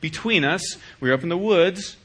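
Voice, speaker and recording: A middle-aged man preaching a sermon as pastor, acting out little dialogues in an animated way. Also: high voice, moderate pace. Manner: animated, acts out dialogues with shifting voice.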